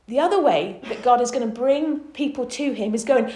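A woman leading an informal Bible study, talking enthusiastically and climbing in pitch as she gets excited. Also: moderate pace, few pauses, reverberant, a little hiss or hum. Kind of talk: informal preaching to a small group.

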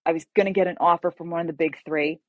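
A woman speaking on a podcast as a guest novelist, telling her story in a lively, animated way. Her voice sits on the low side for a woman. The sound is close and dry, with no room echo. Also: fast talker, narrow, tinny audio. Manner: animated, acts out dialogue while telling a story. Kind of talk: casual storytelling interview.

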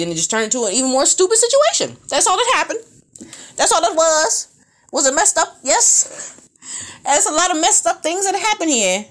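A woman, ranting bluntly and profanely in an animated, opinionated monologue. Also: high voice.

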